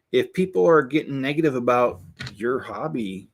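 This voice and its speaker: A man's voice: medium pitch, expressive, moderate pace, hardly any pauses, a little hiss or hum. A middle-aged man talking casually and candidly as he builds, rambling with many restarts and asides. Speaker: Lego builder and channel host. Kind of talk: casual chat while building.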